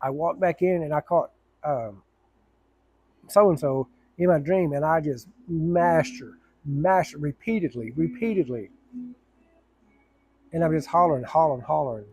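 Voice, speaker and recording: A man's voice: fairly high pitch, a little slow, long pauses, a little mellow, slight background noise. Blunt, rambling middle-aged man. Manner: blunt, profane, rambling with many restarts. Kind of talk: casual personal storytelling to camera.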